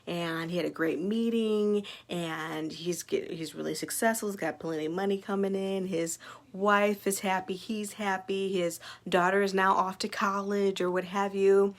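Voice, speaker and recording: Her voice is mid-range and steady, at normal speed, as this small business owner talks to camera about personal growth, keeping it chatty, upbeat and full of fillers for her followers.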